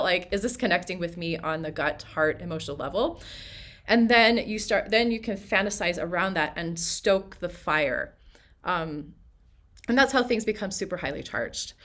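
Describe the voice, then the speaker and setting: A woman's voice: medium pitch, a bit bright. A woman teaching acting technique to singers in a casual workshop lecture, talking conversationally with frequent fillers and restarts.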